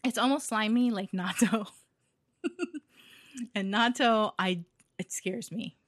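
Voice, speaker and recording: A woman's voice: medium pitch, slow, no echo, studio quality. A woman from Hawaii co-hosting a casual chat, talking freely with fillers and frequent laughter. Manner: chatty, laughs often, trails off with fillers. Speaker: podcast co-host.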